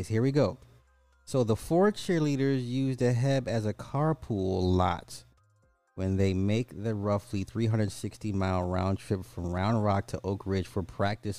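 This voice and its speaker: A man's voice: fairly low pitch, dark tone, no echo. A man hosting a podcast, reading a news story aloud and breaking off for sarcastic, casual asides. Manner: sarcastic, jokey, reads articles aloud with asides. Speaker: podcast host.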